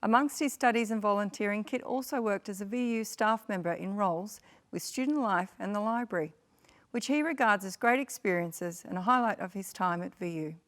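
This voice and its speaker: A woman reads a formal introduction of the next speaker at a ceremony. Her delivery is measured and composed. Her pitch is moderate, neither high nor low. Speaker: ceremony presenter.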